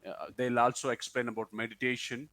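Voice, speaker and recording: A man's voice: medium pitch, flat delivery, fairly quick, fairly bright tone. A man who is not a native English speaker, a learner talking hesitantly as a guest in a casual call. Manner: hesitant, with many fillers and restarts. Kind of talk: casual video call chat.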